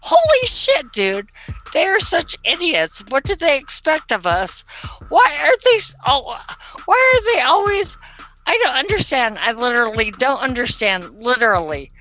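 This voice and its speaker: A woman playing a ditzy young stoner who sells edibles, with spacey valley-girl chatter that breaks into shrill outbursts. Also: very animated, a little slow, pushed and bright, soft background music, full character voice. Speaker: comedy sketch character. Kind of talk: comedic character monologue.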